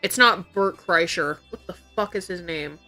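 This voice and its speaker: A woman's voice: on the low side, moderate pace, bright, forceful tone, faint music behind. A young woman livestreamer chatting casually, swearing freely and reacting in disbelief as she reads things out. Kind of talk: casual chat.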